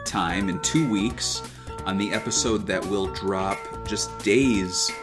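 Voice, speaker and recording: A man with a lowish voice hosts a relaxed gaming podcast, rambling and circling back on his thoughts. He reads listener notes aloud between asides. Music plays softly beneath him. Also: slow. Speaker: podcast host. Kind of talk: casual podcast chat.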